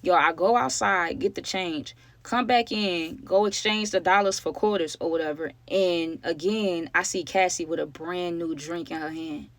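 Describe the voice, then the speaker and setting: A woman's voice: on the low side, normal speed, few pauses, no echo. A woman vlogger telling a story to her viewers in a casual, slangy way, often speaking to them directly. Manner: chatty, slangy, keeps addressing viewers directly.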